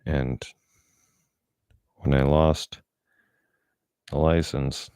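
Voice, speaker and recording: A man's voice: a bass voice, level tone, drawn-out words, a little mellow, smooth, no echo, clean studio sound. A middle-aged man talking bluntly and profanely in a casual monologue. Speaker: vlogger.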